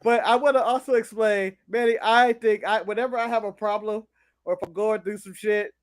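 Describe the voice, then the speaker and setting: A man's voice: high voice, fairly even intonation, brisk. An American man co-hosting a wrestling recap show, chatting casually, joking and laughing often as he riffs. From United States. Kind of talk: casual podcast banter.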